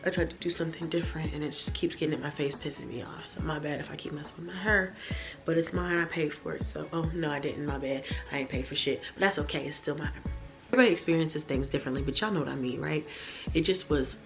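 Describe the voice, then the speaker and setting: A woman's voice: low-pitched, quick pace, over music. A tired young mother venting candidly to her viewers from her bedroom, swearing freely and talking straight to the audience. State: tired and stressed. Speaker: vlogger, mother. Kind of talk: casual talk to camera.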